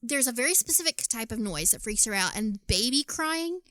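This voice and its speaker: Chatty woman co-host, storyteller, fairly high and bright, dry close mic. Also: brisk, no echo. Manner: chatty, animated storytelling with frequent swearing. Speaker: podcast co-host. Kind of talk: casual chat.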